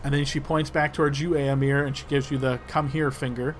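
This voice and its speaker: A man running a tabletop game as game master, narrating in a relaxed way with fillers. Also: medium pitch, fairly quick. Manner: relaxed, describing actions with fillers.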